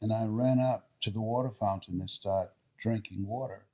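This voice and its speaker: A man's voice: lowish voice, fairly even intonation, normal speed, mellow. An older man, a guest and motivational speaker, telling personal stories in a dramatic way and acting out the voices of the people in them. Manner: dramatic, acts out quoted voices. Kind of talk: emotional personal storytelling.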